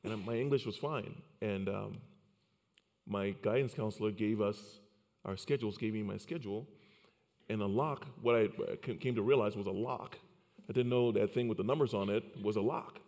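Earnest low-voiced man in a hall. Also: normal speed, a little mellow. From Liberia. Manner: earnest, repeats words when starting a thought. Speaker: speaker. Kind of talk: personal storytelling talk. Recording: long hall reverb.

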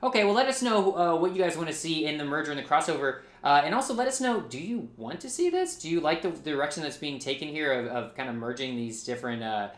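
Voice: mid-range voice, animated, quick pace, few pauses, roomy sound. A comic book channel co-host who asks short questions and then closes the episode by addressing viewers in casual chat. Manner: short prompting interjections, then sign-off to viewers.

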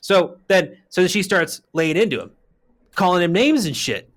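Man, podcast co-host, casual chat, profane, heated, fairly high voice. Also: very animated, moderate pace. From Arizona. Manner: profane, heated storytelling, jumps to shouting.

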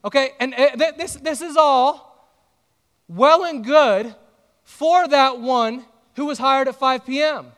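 In a church auditorium, a pastor with a notably high-pitched male voice preaches slowly, telling a story with lively animation and joking back and forth with the congregation. The large hall gives his voice a long, ringing reverb.

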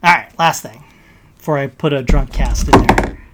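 A man's voice: medium pitch, moderate pace, fairly bright tone. Profane man ranting solo. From United States. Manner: profane, heated, sarcastic ranting. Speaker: podcast host. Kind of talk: solo rant.

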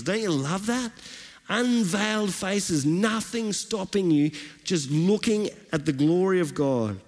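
Slow, emphatic male pastor in echoing hall. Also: high-pitched, expressive. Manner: emphatic, repetitive preaching cadence. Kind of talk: sermon.

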